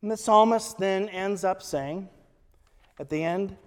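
A man preaching in a church, his slightly high voice carrying a long reverb. He speaks slowly and deliberately, reading scripture aloud and pausing between phrases. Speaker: pastor. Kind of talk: sermon.

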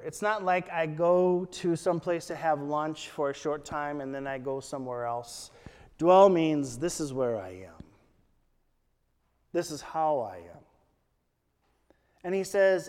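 A man preaching a sermon as a pastor, quoting scripture in a slow, deliberate way. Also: a little high, a little mellow, big-room sound.

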